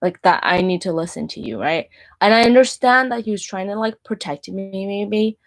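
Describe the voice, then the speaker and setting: A woman's voice: medium pitch, normal speed. Rambling woman in her thirties. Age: 30s. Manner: rambling, filler-heavy with frequent "like" and restarts. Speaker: Christian minister and vlogger. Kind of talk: casual personal storytelling.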